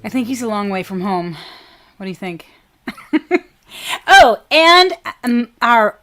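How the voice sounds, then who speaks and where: Woman host, laughs a lot, slow and chatty, mid pitch. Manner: giggly, warm, slow with fillers. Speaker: radio show host, band member. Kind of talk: casual chat.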